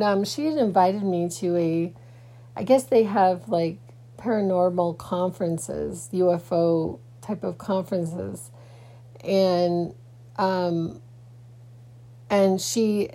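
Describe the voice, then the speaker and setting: Sleepy woman podcaster rambling in a vlog, slow and mellow, lots of ums. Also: medium pitch. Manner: rambling, many restarts and fillers. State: sleepy, yawning. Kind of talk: casual personal vlog.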